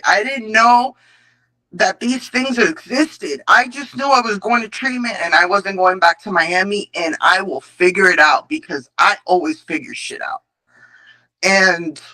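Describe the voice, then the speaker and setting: A man's voice: high-pitched, sharp tone, rough recording. A man telling his recovery story at a support meeting, candid, emotional and full of swearing. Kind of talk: personal recovery testimony.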